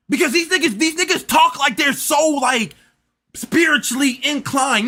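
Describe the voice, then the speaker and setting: Young man, reaction commentary, incredulous, stammering, bright tone. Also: extremely high pitch, moderate pace. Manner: animated, incredulous, many restarts and stammers.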